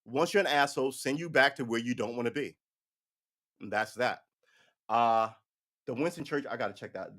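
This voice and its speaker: A man's voice: mid-range voice, moderate pace, long pauses, a bit bright. A man giving casual, profane political commentary on a livestream, ranting and slipping into mocking voices.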